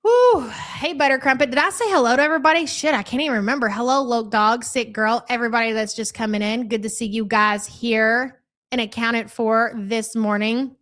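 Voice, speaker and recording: A woman's voice: on the high side, fairly quick, fairly bright tone. A woman hosting a live reaction stream, speaking in a crude, mocking and chatty way as she reads out viewer comments. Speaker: livestream commentary host.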